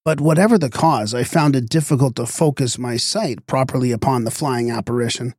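A man narrating a literary story in a measured, expressive storytelling manner. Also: mid-range voice, no echo, studio quality.

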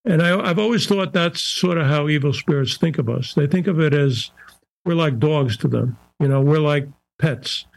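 An older man, a psychiatrist guest on a podcast interview, talking in a measured, searching way and often restarting his phrases. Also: a little high, creaky, dry recording, rough recording.

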